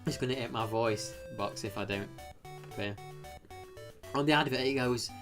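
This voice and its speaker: A British man chatting casually on a live stream. He rambles, thanks viewers from the chat, and breaks into sudden excited exclamations. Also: mid-range voice, normal speed, over music.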